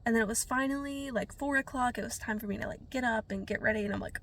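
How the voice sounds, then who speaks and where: A woman's voice: a little high, quick pace, vocal fry, few pauses, a bit bright. Rambling sniffly young woman. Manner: rambling, filler-heavy, self-deprecating. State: sniffly from a cold. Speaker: vlogger. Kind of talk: casual storytelling to camera.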